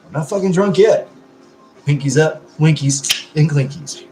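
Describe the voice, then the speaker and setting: A man on a casual live stream, his pitch swinging widely as he rambles in an effusive, profane way. He is drinking beer between comments, and his voice rings in an echoey room. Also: expressive, unhurried, over loud music. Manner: drinking beer while talking.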